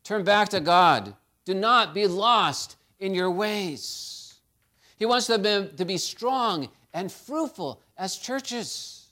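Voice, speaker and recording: Male pastor, higher register, animated sermon delivery with strong dynamic swings. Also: takes it slowly. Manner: storytelling, animated preaching with swings in loudness.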